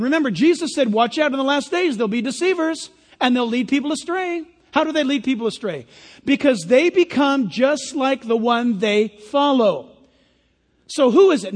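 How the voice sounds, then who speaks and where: A man's voice: very high-pitched, husky, in a large hall. A man preaching a sermon as pastor, emphatic with sarcastic asides.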